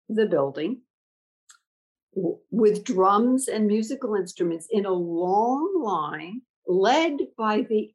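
A woman's voice: mid-range voice, breathy edge, poor audio. An older woman who leads a school, telling stories in a reflective conversation and acting out the dialogue in her anecdotes. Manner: animated, acts out dialogue in anecdotes. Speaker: school leader.

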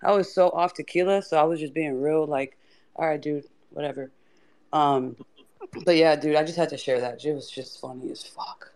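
A man telling a rambling, profane story on a live audio chat, his voice rough from drinking. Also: a little high, normal speed, a little mellow. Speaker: guest speaker.

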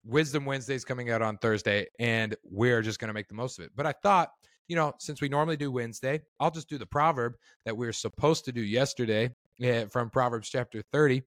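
A man hosts a casual Christian podcast built on Bible talk, chatting in a self-deprecating way with rambling asides and a strained voice. He speaks briskly in a mid-range, fairly bright voice, and the studio sound is clean with no echo.

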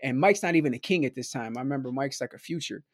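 A man's voice: mid-range voice, expressive, fast talker, no room sound, clean studio sound. A man from Milwaukee telling a story in a loose, rambling way, filling his talk with "like" and "right?". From Milwaukee, USA. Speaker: podcast guest. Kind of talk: casual storytelling.

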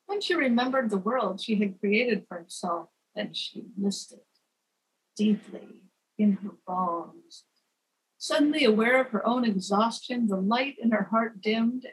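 A woman narrating a gentle fable at an unhurried pace, softly chanting the repeated refrains. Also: fairly high pitch, husky, low-quality recording. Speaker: storyteller. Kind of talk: scripted narration.

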